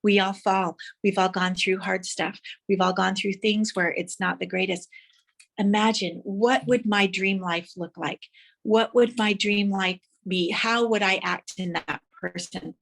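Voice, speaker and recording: A woman's voice: medium pitch, steady tone, measured pace, creaky, a bit bright. A woman giving a motivational speech, telling vivid stories and guiding listeners to imagine their dreams. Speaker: motivational speaker.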